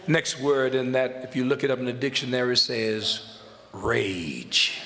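Male preacher, emphatic folksy delivery, bright gravelly voice, big echoing sanctuary. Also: mid-range voice, animated. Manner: emphatic, repeats phrases, drawn-out words for stress; folksy Southern-style preaching with loose grammar. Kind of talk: sermon. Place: church sanctuary. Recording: echoey hall sound.

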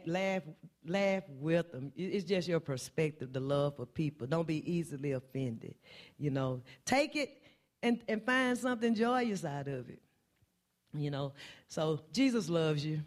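A woman delivering a sermon in church, impassioned and repeating refrains, her voice climbing on key phrases. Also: fairly low pitch. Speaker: church speaker.

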